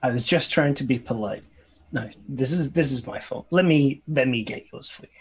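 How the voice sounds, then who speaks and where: Brief: male player, slightly husky, courteous in-character talk, mid pitch. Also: normal speed, rough recording. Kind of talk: in-character tabletop play.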